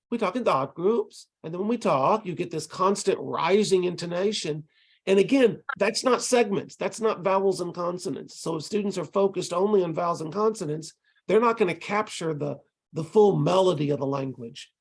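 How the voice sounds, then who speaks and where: A man's voice: on the high side, creaky, slightly rough. A man teaching language tutors in an online lecture, explaining step by step and tapping out rhythms with syllables, heard over a video call. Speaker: ESL instructor training tutors.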